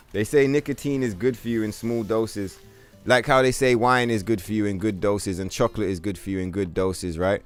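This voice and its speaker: A man, streaming a video game and ranting casually, full of swearing and filler words. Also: fairly low pitch. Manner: profane, rambling rant, heavy on "bro" and "like". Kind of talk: casual livestream commentary.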